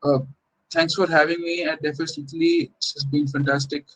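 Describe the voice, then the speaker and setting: Young guy doing a tech talk, kinda high voice, pretty monotone, lots of uh and restarts. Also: a little fast, low-quality recording. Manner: informal, explanatory, frequent fillers and restarts. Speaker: conference speaker. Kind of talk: recorded tech talk presentation.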